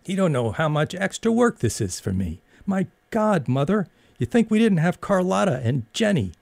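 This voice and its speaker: A man's voice: high voice, sing-song, normal speed, vocal fry, no room sound, voice pushed up, full character voice. A man doing a furious spoiled young woman. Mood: exasperated. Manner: sharp, exasperated, whiny. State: crying. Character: spoiled, defiant young woman, quick-tempered.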